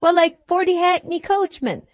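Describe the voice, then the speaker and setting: A woman voicing an impatient young male law clerk in an audiobook, speaking in a sharp, snappish way. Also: very high-pitched, expressive, moderate pace, no echo, lo-fi sound, pitched above the performer's own voice. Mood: angry.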